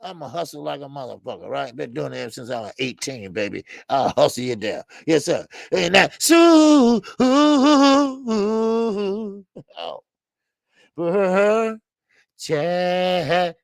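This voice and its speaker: Gravelly high-voiced man hosting boxing talk. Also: animated, slow, dry recording, clean studio sound. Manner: profane, emphatic, repeats phrases, laughs often. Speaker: call-in boxing show host. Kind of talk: animated casual commentary.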